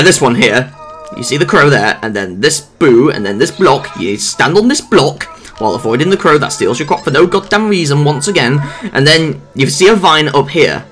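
A man's voice: mid-range voice, fairly bright tone. A young man commentating casually over a game he is playing, rambling and swearing with jokey asides. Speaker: gameplay commentator. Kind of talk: casual let's play commentary. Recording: faint game music behind.

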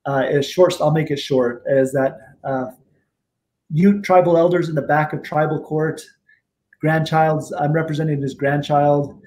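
A middle-aged man being interviewed as a guest, telling stories in a relaxed, rambling way, with many fillers and restarts. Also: on the high side, a little slow. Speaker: guest attorney and tribal judge. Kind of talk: casual interview storytelling.

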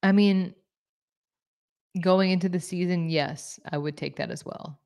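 A woman's voice: on the low side, steady tone, unhurried, gravelly, darkish tone. A woman co-hosting a sports talk show, chatting casually and a bit self-deprecating while reading viewer questions.

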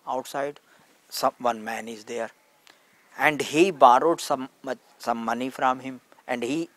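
A man's voice: mid-range voice, a bit bright. A man giving an earnest spiritual talk in simple, broken English, acting out stories as he teaches. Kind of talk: satsang talk with storytelling.

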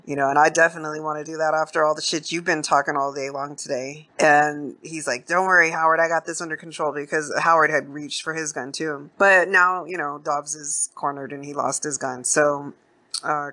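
A woman hosting a podcast, recapping a film scene in a slangy, profane, animated way. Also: deep voice. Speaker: podcast host. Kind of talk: casual movie recap.

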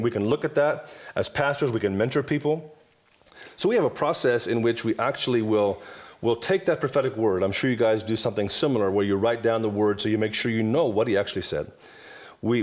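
A man in his fifties speaks as a guest minister, with the repetitive, emphatic cadence of a preacher even in conversation. His pitch swings widely from phrase to phrase, and he hammers his points home with repeated lines. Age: 50s. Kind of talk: preaching-style table talk.

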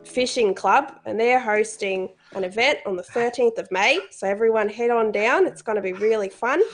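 A man's voice: sits high, normal speed, faint music behind, natural voice. A woman voicing a folksy small-town TV host man with an Australian accent, in a cheery announcer manner.

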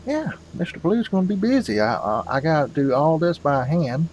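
A man's voice: on the high side, big pitch swings, moderate pace, a little mellow, a little hiss or hum, poor audio. A man hosting a farming game video, rambling casually and calling his viewers "folks". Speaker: gaming channel host.

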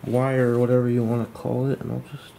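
A man walking through a model glider build at home at night, thinking aloud in a relaxed, self-deprecating way. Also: mid-range voice, fast talker, vocal fry, slight background noise. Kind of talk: hands-on build tutorial.

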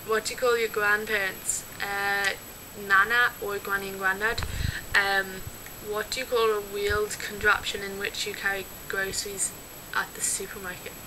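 A young woman from Dublin with a clear Dublin Irish accent, chatting her way through an accent challenge. She giggles and fills gaps with "um," and her voice sits at an ordinary middle pitch. The home recording has steady background noise and some clicks. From Dublin, Ireland. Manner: chatty, giggly, scattered with fillers. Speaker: vlogger. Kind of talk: casual word-list accent challenge.

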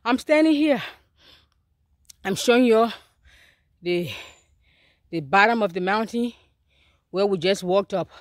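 A woman's voice: mid-range voice, unhurried, pauses often, no echo, studio quality. A woman in her fifties, out of breath as she hikes up a mountain trail outdoors, chatting casually to her phone camera and her dog. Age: 50s. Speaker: vlogger. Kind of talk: casual walking vlog.

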